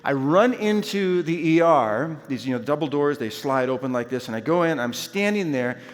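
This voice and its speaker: A man telling a lively personal story as a chapel speaker, acting out his own shouts along the way. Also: fairly high pitch, normal speed. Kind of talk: storytelling sermon. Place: large university chapel. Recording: long hall reverb.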